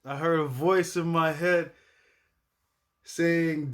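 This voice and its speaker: A man hosting a reaction video in casual commentary. He talks loosely in slang, swears often, keeps asking "you know what I mean", restarts his words while thinking aloud, and breaks into loud, high exclamations. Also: fairly even intonation, slow pace, pauses often.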